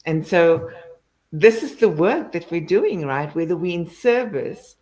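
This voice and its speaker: A woman hosting a conversational interview, speaking slowly and reflectively. Her voice sits very low for a woman, and her tone is affirming. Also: expressive, a little mellow, poor audio. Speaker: host.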